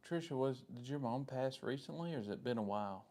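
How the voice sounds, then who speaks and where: Gravelly Southern man chatting with viewers. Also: medium pitch, animated, fast talker, darkish tone. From Southern United States. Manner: rambling, friendly, answers chat comments by name. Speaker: live-stream host. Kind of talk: casual live-stream chat with viewers.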